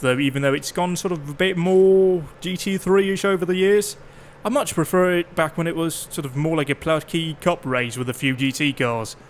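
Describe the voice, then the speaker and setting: A man rambles through a gameplay session in loose, joking chat, swearing now and then. His voice sits a little higher than most men's, and there's a faint hiss of noise under it. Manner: chatty, jokey, swears freely, puts on quick mock voices. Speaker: gameplay streamer. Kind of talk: casual rambling chat while playing.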